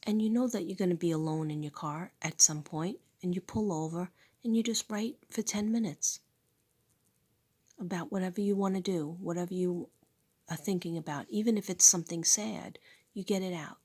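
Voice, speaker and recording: A middle-aged woman losing her voice, half-whispering through a slow spiritual talk and repeating affirmations softly. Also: lowish voice. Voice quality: breathy, husky. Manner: soft, unhurried, repeats affirmations. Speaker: spiritual teacher and channel host.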